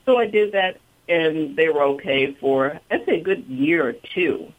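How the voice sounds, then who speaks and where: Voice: mid-range voice, animated, a little slow. Caller phoning into a radio show, sounds thin like a phone line, kinda worried and rambly. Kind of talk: phone-in call.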